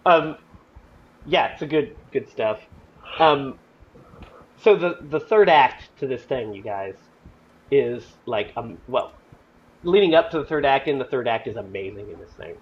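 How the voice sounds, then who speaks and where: Enthusiastic rambling movie-podcast host. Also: male voice, medium pitch, animated, unhurried, long pauses, highs cut off. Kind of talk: casual movie review chat.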